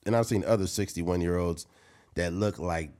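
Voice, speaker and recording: A man in his late thirties hosting a casual podcast chat, loud and profane, joking, his voice jumping up for punchlines. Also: sits low, moderate pace. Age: 30s. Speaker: podcast host.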